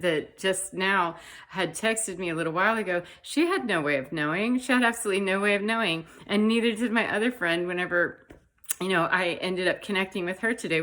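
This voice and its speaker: A woman talking through her feelings in a heartfelt, rambling way, with many fillers and soft laughs. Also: fairly low pitch. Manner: heartfelt, rambling, frequent "you know" fillers. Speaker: spiritual vlogger. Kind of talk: emotional personal monologue.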